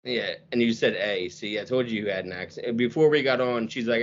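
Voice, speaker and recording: A man's voice: medium pitch, brisk, hardly any pauses, muffled recording. A man from the United States hosting a podcast, chatting casually and teasing his guest. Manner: joking, teasing. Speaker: podcast host. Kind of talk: casual chat.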